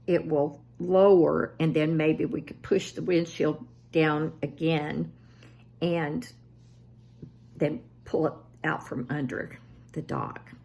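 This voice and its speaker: Her voice low and gravelly, her pace slow, a seventy-something vlogger tells family anecdotes with casual self-deprecation. Quoting her relatives brings out a more animated delivery.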